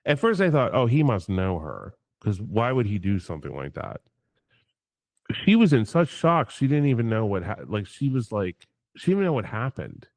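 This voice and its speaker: Profane, animated storytelling man. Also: lowish voice, moderate pace, dry recording. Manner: animated, profane, acts out quotes. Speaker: guest. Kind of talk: casual livestream storytelling.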